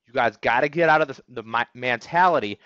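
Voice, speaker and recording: A man's voice: medium pitch, brisk, a bit bright, clear, resonant tone, no echo, muffled recording. A man teaching an online trading webinar, talking energetically and emphatically and asking "okay?" after nearly every point. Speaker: trading instructor. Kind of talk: webinar lecture. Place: office.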